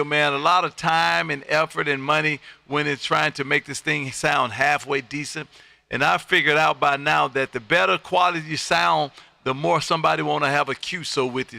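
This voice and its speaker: A man from Texas, hosting a live-streamed ham radio session and working contacts in a loud, upbeat, friendly way. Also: on the high side, creaky, no room sound. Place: home radio room.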